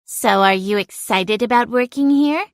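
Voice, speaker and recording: A woman's voice: a little high, moderate pace, dry recording, voice pushed up, natural voice. Lady doing a snippy talking cat for an audiobook, grumbly and nosy, dry close sound. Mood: sly. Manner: grumbling, blunt, interrogating. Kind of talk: audiobook character voice.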